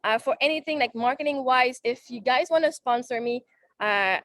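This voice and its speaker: A woman podcast host, a native French speaker, talking casually to a live audience at an event, chatty and animated as she retells conversations. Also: high-pitched, normal speed, no room sound. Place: event salon.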